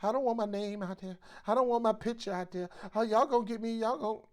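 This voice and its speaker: A fearful worker , as a man puts him on, mumbles his anxious excuses in a raised, quieter voice. He sounds hesitant and evasive. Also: high voice, fast, voice pushed up, close to an everyday voice. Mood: nervous. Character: timid fearful male worker, nervous and evasive.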